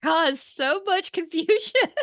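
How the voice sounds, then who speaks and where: A woman's voice: very high-pitched, lively intonation, slow pace, a bit bright, dry recording, clean studio sound. A woman hosting an interview, chatting casually and laughing along with her guest. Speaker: podcast host.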